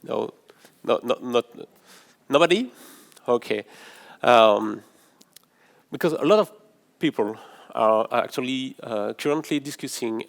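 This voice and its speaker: Hesitant French-accented man presenting. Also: mid-range voice. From France. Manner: hesitant, often restarting phrases. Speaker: conference speaker, developer advocate. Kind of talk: tech conference presentation. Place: in-person conference session room.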